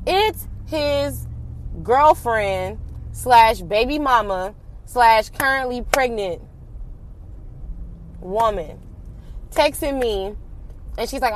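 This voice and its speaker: A young adult woman telling a personal story in casual, slangy talk, animated and swearing freely. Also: on the high side, takes it slowly, pauses often, slight background noise.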